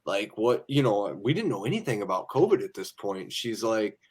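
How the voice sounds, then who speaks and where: A man guest casually recounting a work trip on a podcast, relaxed and chatty. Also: lowish voice, normal speed, husky. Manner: easygoing, chatty, quotes his wife in the retelling. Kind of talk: casual storytelling.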